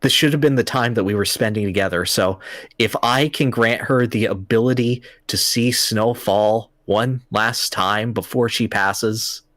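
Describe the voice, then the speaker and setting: A man voicing a grieving retired older man who pleads sincerely and haltingly. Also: on the low side, steady tone, a bit bright, dry recording, studio quality, voice pushed down. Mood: sad pleading. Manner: halting, full of hesitations.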